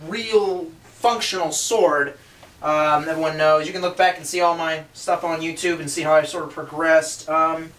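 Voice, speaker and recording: A young man talks into his camera mic at home, his voice a little high and bright with a sharp edge. He rambles through his review, swearing freely and making crude jokes at his own expense. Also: a little hiss or hum. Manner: profane, joking, self-deprecating, rambling. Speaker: YouTuber reviewing swords. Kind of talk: casual rambling vlog review. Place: room at home, indoors.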